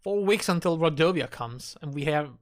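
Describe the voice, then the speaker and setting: A man's voice: a little high, lively intonation, moderate pace. A man streaming a game live, who reads the dialogue aloud and adds blunt, profane asides. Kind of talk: live gameplay commentary.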